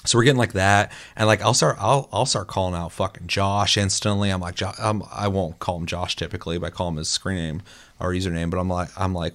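A man chatting casually about a multiplayer game, telling animated stories and swearing a lot. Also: sits low, a little fast. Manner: animated storytelling, heavy swearing. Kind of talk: casual gaming chat.

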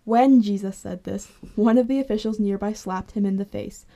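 A woman reads a scripture story aloud with steady, measured narration. Her tone is mellow and soft-edged, never pushed. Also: medium pitch, creaky. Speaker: scripture reader. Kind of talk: scripture reading.

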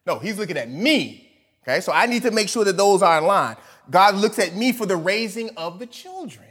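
A man preaching a sermon, animated, moving between loud emphatic lines and soft asides, often laughing. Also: sits high, brisk, husky. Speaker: pastor.

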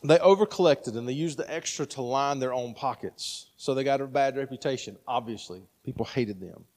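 A man's voice: mid-range voice, a little fast, darkish tone. Conversational male pastor in reverberant room. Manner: conversational, frequent "right?" asides. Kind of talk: sermon.

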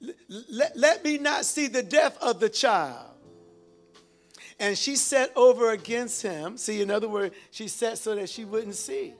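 Over soft background music, a man with a very high-pitched voice preaches at a measured pace. He reads scripture and exhorts the congregation, calling out for their responses.

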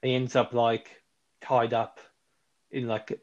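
A man co-hosting a podcast reviews films in casual, enthusiastic chat, rambling and correcting himself as he goes. His mid-range voice is flat and slow, and the audio sounds dull.

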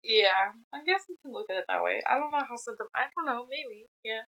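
Woman with a bright voice laughing and recapping a book, easygoing podcast chat. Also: fairly high pitch, fairly quick, creaky, dull audio. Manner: relaxed, laughing, recaps plot. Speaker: podcast co-host. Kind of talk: casual book discussion.

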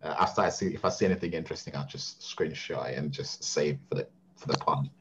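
A man telling stories as a podcast co-host, animated and slangy. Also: rumbling low, fast talker, dull audio, a little hiss or hum. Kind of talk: casual storytelling.

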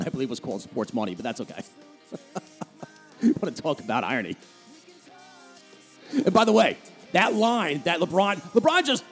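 A man from New Jersey with a New Jersey accent, hosting a solo podcast and ranting sarcastically about the news. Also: high voice. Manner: sarcastic, heated, mocking. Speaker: podcast host. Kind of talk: opinionated solo podcast rant.

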